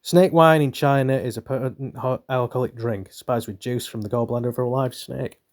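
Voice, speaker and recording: A young man from northern Britain, a channel host, reads a book aloud in a medium-pitched, steady voice at normal speed. He keeps breaking off for rambling, irreverent asides full of swearing, giving the reading an offhand running commentary.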